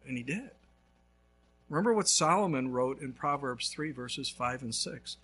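A male pastor preaching a sermon, telling a story with lively swings between loud and hushed. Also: medium pitch, moderate pace, husky.

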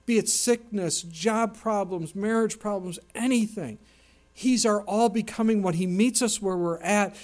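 Earnest male preacher, higher voice. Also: a little mellow. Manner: earnest, emphatic preaching with scripture quotes. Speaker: pastor. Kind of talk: sermon.

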